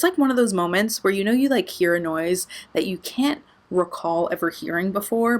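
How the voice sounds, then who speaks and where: Casting: young woman, lowish voice, chatty storytime vlogger, sweary and full of filler words. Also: a bit bright. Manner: casual, profane, heavy filler words. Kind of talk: storytime vlog.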